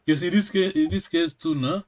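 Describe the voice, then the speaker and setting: A man who speaks natively, teaching a lesson over a video call, slow and patient, often checking in with a quick "yes?". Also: on the high side. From Congo region, Kikongo-speaking village. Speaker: language teacher. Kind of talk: online language lesson.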